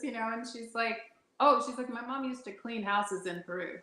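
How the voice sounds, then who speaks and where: Animated woman in a roomy echo. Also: on the high side, moderate pace. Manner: laughs often while talking, acts out her own and others' quoted lines. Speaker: guest sharing a paranormal experience. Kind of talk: animated personal storytelling.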